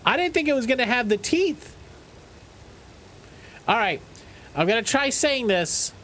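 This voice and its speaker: A male game streamer with a high, bouncy voice that swings widely in pitch. He jokes with his chat, swears freely, and reads trivia questions aloud. A faint noise sits under his home streaming setup. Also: a little slow. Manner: animated, profane, joking with chat.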